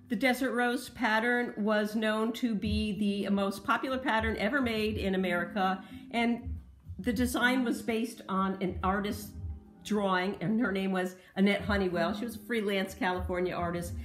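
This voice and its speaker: Woman, mid pitch, chatty thrift-haul vlogger, detail-focused, echoey room. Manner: chatty, detail-focused, explains pottery history. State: slight cough. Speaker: thrift reseller showing finds. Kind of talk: casual show-and-tell vlog.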